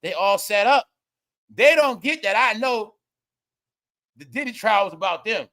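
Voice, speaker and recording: High, bright-voiced man laughing through gossip. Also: lively intonation, measured pace. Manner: loud, laughing, repetitive, addresses viewers as y'all. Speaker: commentary host. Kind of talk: live-stream gossip commentary.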